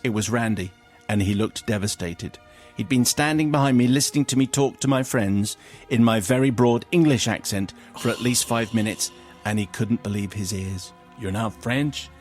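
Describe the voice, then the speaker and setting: A man's voice: fairly low pitch, normal speed, soft background music. A male radio host in a studio, reading a listener's confession aloud with wry storytelling.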